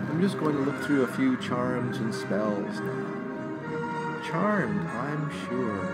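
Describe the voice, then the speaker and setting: A man reading a story aloud and chatting about it in an enthusiastic, musing way, with loud music behind him. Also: medium pitch, low-quality recording. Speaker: story reader and host.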